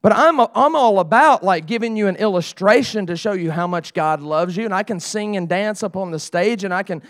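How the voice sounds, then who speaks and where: A middle-aged man preaches in a high voice, casual and conversational one moment, earnestly pleading the next. The sound is close and dry, with little room around it. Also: a little fast, dry recording. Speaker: pastor. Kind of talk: sermon.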